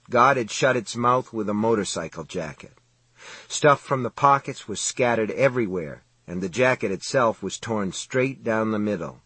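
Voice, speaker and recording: A man reads a novel aloud in a measured, dramatic way. His voice is husky, and the recording is close and dry with no room sound. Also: on the low side, no room sound. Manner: steady, measured, dramatic reading. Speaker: audiobook narrator. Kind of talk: scripted narration.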